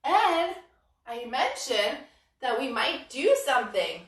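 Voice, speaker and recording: In an echoey room, picked up by a distant mic, a yoga instructor leads a story-based children's class in a high, slow voice with big pitch swings. She's playful and sing-song, full of cheerful exclamations.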